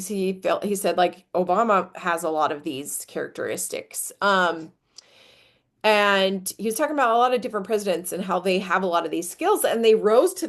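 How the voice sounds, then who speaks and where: Chatty woman hosting a live stream. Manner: chatty, filler-heavy, jumps up high when demonstrating energy. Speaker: host of a live business coaching stream. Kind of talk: casual live-stream talk.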